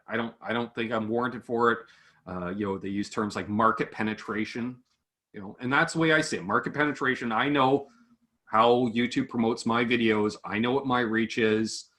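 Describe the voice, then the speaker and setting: A man chats casually about making guitar gear videos. His voice is bright and forward. He talks with animation and slips into quick impressions of the people he quotes. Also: mid-range voice. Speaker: guitar gear demo creator. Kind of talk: casual chat between online creators.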